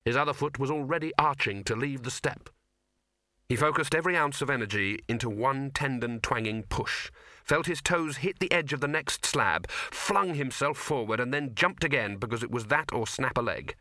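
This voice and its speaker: A man reading an audiobook as narrator, in a measured, dry storytelling manner. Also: mid-range voice, expressive, sharp tone, no room sound. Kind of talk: scripted narration.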